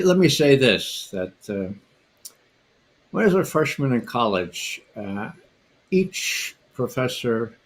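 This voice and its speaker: An older man speaking as a guest panelist on a livestream, telling a story in an emphatic way and repeating his words. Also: mid-range voice.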